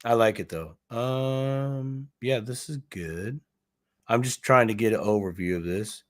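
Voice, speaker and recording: A man in a loose, casual livestream chat, talking at an everyday pitch. He rambles and jokes, thinking out loud as he clicks around a site. His delivery is relaxed and conversational. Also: measured pace. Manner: rambling, jokey, thinks aloud while browsing. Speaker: co-host.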